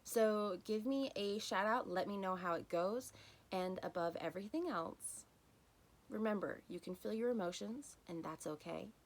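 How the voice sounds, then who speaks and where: A woman hosting a solo self-help podcast, talking in an earnest, encouraging way and softening to near-whispers on key phrases. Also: mid-range voice, normal speed. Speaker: podcast host.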